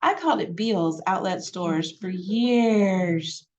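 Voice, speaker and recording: A woman's voice: medium pitch, takes it slowly, darkish tone, lo-fi sound, a little hiss or hum. A woman presenting on genealogy at a library, in a chatty, digressive way with many fillers.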